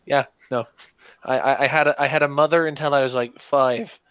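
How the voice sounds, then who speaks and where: A man's voice: medium pitch, fairly even intonation, fairly quick, a bit bright, clean tone, dry recording. Stammering man on a dull mic. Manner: stammering, jokey. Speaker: player. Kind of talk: casual chat during a tabletop game.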